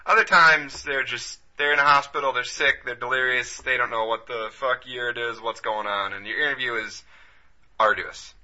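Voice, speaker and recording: A man's voice: medium pitch, normal speed. Laid-back man, dull lo-fi podcast. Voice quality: laid-back, profane, deadpan delivery. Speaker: podcast co-host. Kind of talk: casual storytelling chat.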